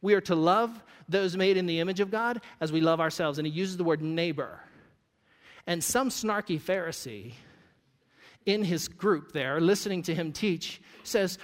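High-voiced preacher in a reverberant hall. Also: male voice, moderate pace. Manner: conversational, joking asides to the congregation. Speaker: pastor. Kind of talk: sermon. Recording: long reverb of a church hall.

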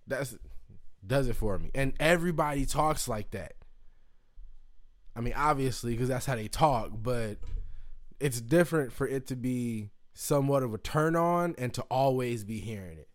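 A man from Indiana chatting casually to camera, rambling and swearing, with excited whoops and jumps into a high voice. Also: a little slow. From Indiana, United States. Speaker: vlogger. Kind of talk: casual chat.

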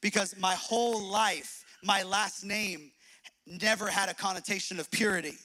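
A young man preaching a sermon with animation, jumping between loud emphatic bursts and low quiet asides and repeating phrases for emphasis. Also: fairly even intonation, moderate pace. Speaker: pastor.

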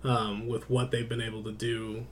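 A man's voice: medium pitch, flat delivery, normal speed, a little hiss or hum. Thoughtful man in casual chat. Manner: thoughtful, hesitant with fillers. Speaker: podcast co-host.

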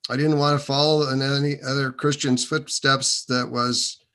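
A man's voice: mid-range voice, flat delivery, moderate pace, bright, forceful tone. A man being interviewed, telling his own faith story in a loose, rambling way with many restarts and fillers. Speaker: interview guest. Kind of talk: casual testimony.

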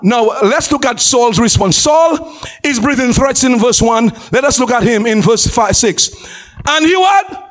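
A male pastor preaching a sermon in an exclamatory style, calling out to the congregation and often laughing and shouting for emphasis. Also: extremely high pitch, expressive, unhurried. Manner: exclamatory preaching with call-and-response.

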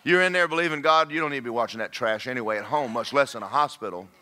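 A man preaching a humorous sermon, shouting his punchlines. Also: medium pitch, fast. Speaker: pastor. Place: church sanctuary.

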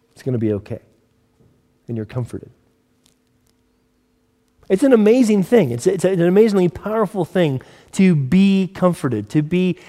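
A man delivers a sermon in a somewhat higher voice, in a hall with a long echo. He moves from hushed, intimate talk to loud, emphatic scripture reading. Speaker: pastor. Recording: long reverb of a large hall.

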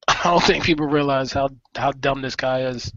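A man co-hosting a podcast in casual chat, slangy and quick to laugh. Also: medium pitch, dry recording. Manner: laughs a lot, slangy and animated. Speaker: podcast co-host. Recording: dull lo-fi sound.

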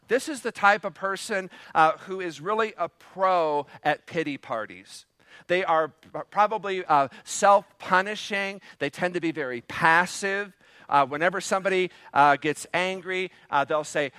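A man's voice: high-pitched, bright, forceful tone, dry recording. A man preaching a sermon as pastor, in a conversational way with frequent fillers. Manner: leans into acted quotes.

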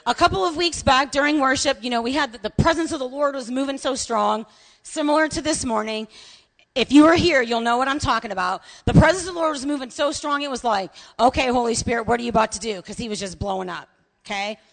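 Woman pastor with a high voice, lively storyteller who shouts at the peaks, sermon in a large echoing church hall. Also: a little fast. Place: church sanctuary. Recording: long reverb of a large hall.

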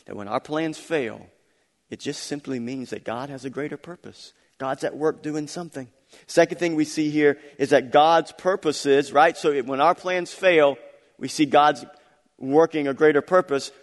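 A middle-aged male pastor delivering a sermon with a slightly raised voice. He hammers points home through repetition, dropping low and then surging loud. His voice rings out with a long reverberant tail. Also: normal speed. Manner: emphatic, repetitive preaching with swings from soft to loud.

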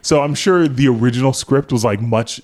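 A man's voice: medium pitch, normal speed, darkish tone. A man with a mid-range voice talks through a film on a casual podcast. He rambles with many fillers and drops swear words along the way. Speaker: podcast co-host. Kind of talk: casual movie-review chat.

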